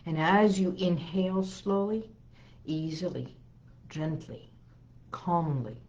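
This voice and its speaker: A woman hypnotherapist hosting a talk, slowly guiding listeners through calming phrases and breathing, often repeating soothing lines. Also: lowish voice, lo-fi sound. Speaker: hypnotherapist host.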